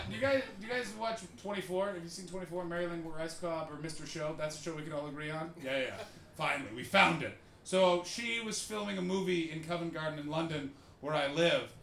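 Animated bright-voiced man telling stories on stage. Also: fairly high pitch, fairly quick, echoey room, slight background noise. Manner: animated, jokey, acts out the people in his stories. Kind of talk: live podcast storytelling with an audience.

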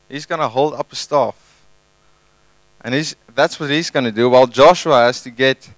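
A male pastor giving a conversational, animated sermon and retelling a scripture story in his own words. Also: mid-range voice, no echo, poor audio. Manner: conversational, animated, tag questions.

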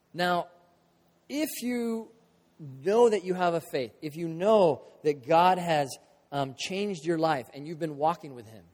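A man preaching a sermon, animated, acting out quotes with big jumps in pitch and loudness. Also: in a large hall. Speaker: pastor.

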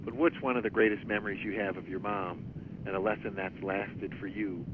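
Low-voiced man on a tinny line. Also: fairly even intonation, a little fast. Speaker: podcast host. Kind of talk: interview questions. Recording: tinny phone line with rumbling noise.

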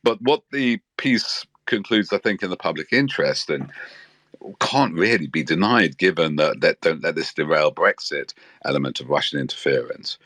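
Very deep-voiced man, earnest and animated. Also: normal speed, no echo. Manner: earnest and animated, with frequent restarts. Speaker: political commentator. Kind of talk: spoken talk with stops and restarts.

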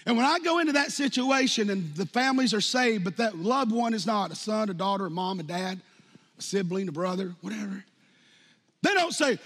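A pastor in his fifties preaches a sermon in a high, brisk voice, with long hall reverb on the recording. He's animated, swinging from loud outbursts to hushed lines and acting out quotes.

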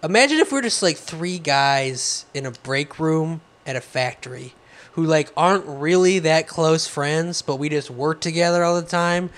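An animated man with a somewhat high voice, co-hosting a podcast. He launches into quick comic bits in casual banter. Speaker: podcast co-host.

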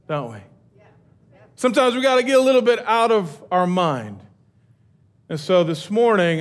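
A middle-aged man preaching a casual, humorous sermon from a church stage. He is energetic and joking, and often restarts his sentences. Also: high-pitched. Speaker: pastor.

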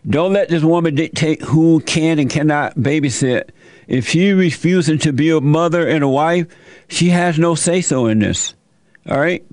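A man's voice: on the high side, normal speed, a little mellow, no echo, clean studio sound. A man hosting a call-in show, giving blunt, preachy advice and telling folksy stories. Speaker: talk show host giving advice to callers.

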